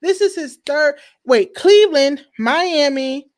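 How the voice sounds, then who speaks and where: A woman hosting a podcast, chatting casually with lively, emphatic slang. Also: high voice, slow pace. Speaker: podcast host. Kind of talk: casual chat.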